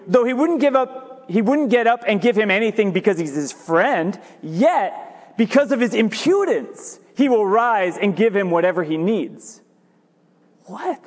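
A man preaching a sermon as pastor, animated and jokey, repeating his points for emphasis. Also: high voice, measured pace. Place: church sanctuary. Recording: reverberant church hall.

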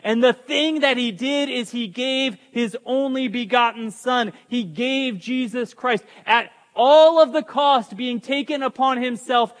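High-voiced man preaching in a hall. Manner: emphatic preaching with asides to the congregation. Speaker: pastor. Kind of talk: sermon. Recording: long hall reverb.

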